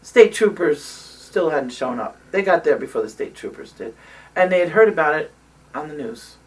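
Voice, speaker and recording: Older woman telling a lively story. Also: sits low, normal speed, far from the mic. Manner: animated storytelling with many fillers. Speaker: interviewee. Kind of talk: oral history recollection.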